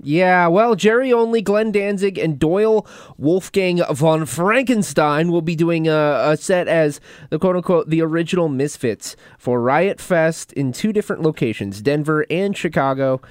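A man co-hosting a casual podcast, reading music headlines and joking between them with relaxed swearing. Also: on the high side, moderate pace, smooth, no echo, clean studio sound. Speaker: podcast co-host.

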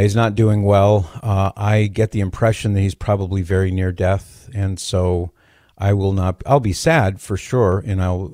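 A man hosting a call-in radio talk show, speaking in a measured, conversational way with occasional dry jokes. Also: sits low, mellow, no room sound.

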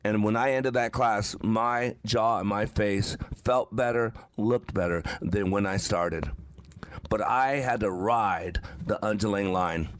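A man's voice: fairly low pitch, unhurried, dry recording. Emphatic man telling a personal story. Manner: emphatic, repetitive, with faltering restarts. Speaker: motivational show host.

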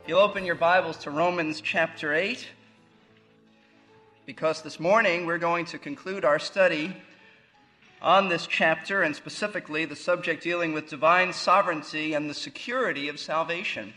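A man's voice: a little high, normal speed, sharp tone, faint music behind, low-quality recording. A man teaching a Bible sermon as a pastor, emphatic and fond of rhetorical questions. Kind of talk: expository sermon.

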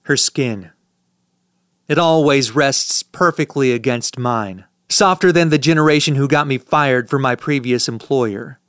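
Smooth dry-voiced male audiobook narrator. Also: mid-range voice, measured pace, fairly bright tone, no echo. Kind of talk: first-person audiobook narration.

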